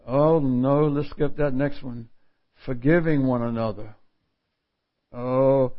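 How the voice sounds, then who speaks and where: A man preaching with a slow, unhurried delivery, folksy and self-mocking, often breaking into a laugh. The recording is slightly muffled and lo-fi. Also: on the high side. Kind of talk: sermon.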